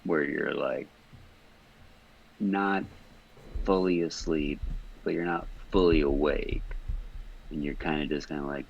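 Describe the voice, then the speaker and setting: Stoned guy rambling on a podcast, deep raspy voice, lots of swearing, muffled audio. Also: slow pace, pauses often, a bit bright. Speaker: podcast guest. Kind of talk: casual podcast chat.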